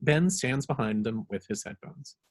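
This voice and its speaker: A man reading the stage directions in a script reading, brisk and matter-of-fact. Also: medium pitch, animated, husky.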